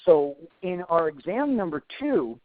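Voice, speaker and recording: A man's voice: on the high side, big pitch swings, measured pace, no echo. A man in his forties, an instructor answering questions in a live webinar, chatty with self-deprecating asides. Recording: tinny phone-like dry sound.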